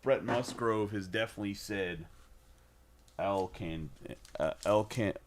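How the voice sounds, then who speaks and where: A man's voice: fairly low pitch, measured pace. A man hosting a live card break, rattling off player names with joking asides in casual stream chat.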